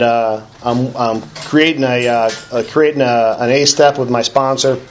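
A middle-aged man speaking at a recovery meeting, telling his own story in a conversational way, with frequent restarts and wry, self-deprecating humor. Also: mid-range voice. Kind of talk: personal recovery talk.

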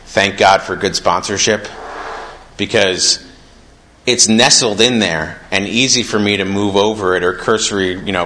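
Young guy sharing at a meeting, really low voice but bright and forceful, reads bits out then chats about them. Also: poor audio. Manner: earnest and conversational, reads passages aloud then reflects. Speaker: recovery meeting speaker. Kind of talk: personal share reading from a recovery book.

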